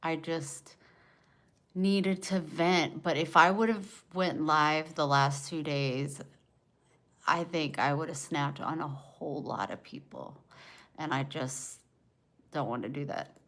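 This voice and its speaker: A woman's voice: low voice, slow pace, a bit bright. A woman livestreaming from home, venting raw and emotional while she answers viewers by name.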